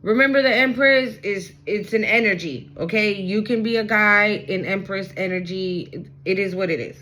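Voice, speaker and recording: A woman's voice: mid-range voice, moderate pace, bright, forceful tone, low-quality recording. A woman giving a casual tarot reading, talking straight to viewers in a blunt, hyped way and swearing freely. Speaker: tarot card reader.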